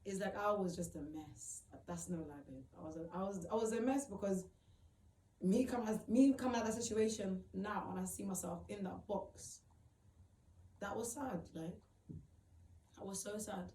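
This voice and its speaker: A woman tells her own story in a halting, emotional way, often repeating herself and filling gaps with "like". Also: mid-range voice, warm tone. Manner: halting, repeats phrases, many fillers. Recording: roomy, distant mic, faint background noise.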